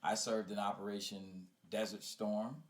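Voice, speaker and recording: A middle-aged man, a veteran guest on a podcast, telling personal stories in a relaxed, affirming way. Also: fairly low pitch, a little slow. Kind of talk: casual conversational podcast.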